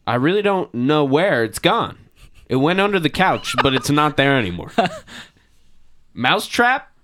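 A man's voice: a little high, sing-song, a little slow, sharp tone. A man chatting casually with a friend, playful and joking, reading forum posts aloud. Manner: playful, says "dude", laughs a lot. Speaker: co-host.

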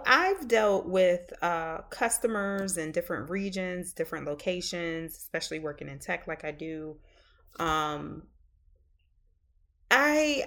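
Southern lady podcast host rambling along, lots of ums, kinda low voice. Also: a bit bright. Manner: rambling and chatty, many fillers, drawn-out phrases. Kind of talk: casual monologue.

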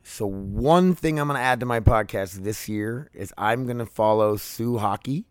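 A man's voice: on the low side, moderate pace, hardly any pauses, clean tone, no room sound, clean studio sound. A man in his thirties hosting his own podcast, talking casually and candidly, rambling with many fillers and restarts. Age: 30s. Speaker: podcast host. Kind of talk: casual solo podcast monologue.

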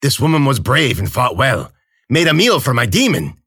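A man putting on a wheedling old crone, pitched high and lilting in a storybook telling. She flatters and fawns, then turns bitter and spits her warnings, her voice rising and falling freely. It sounds close and dry. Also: moderate pace, breathy edge, no echo. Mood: fawning. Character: fawning scheming old crone woman. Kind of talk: audiobook character voice.

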